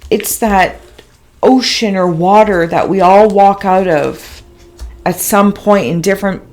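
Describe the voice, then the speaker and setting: Slow, dreamy woman reading visions. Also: mid-range voice. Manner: soft, emotional and tender. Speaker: intuitive reader. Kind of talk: meditative spiritual reading.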